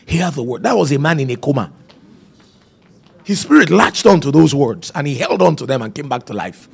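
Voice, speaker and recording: Gravelly preacher man. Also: a little high, sing-song, a little fast. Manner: storytelling, emphatic repetition. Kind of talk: sermon.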